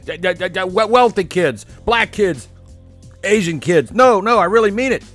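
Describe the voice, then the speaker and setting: Man doing a shrill, loud parody voice of an elderly male politician, sneering and taunting. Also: animated, normal speed, soft background music. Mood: mocking.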